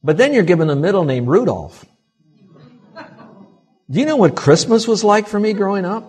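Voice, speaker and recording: A man preaching a sermon to a congregation, swinging between quiet asides and loud, emphatic peaks. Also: on the high side, slightly rough. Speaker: pastor. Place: church before a congregation.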